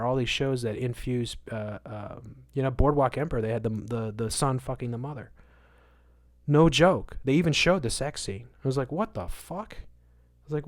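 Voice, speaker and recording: Male livestream host, mid-pitched voice, casual moralizing rant, loud bursts and mumbled asides. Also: no room sound, studio quality. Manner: emphatic, moralizing, repeats words for stress; swings between loud outbursts and muttered asides. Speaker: livestream host answering chat.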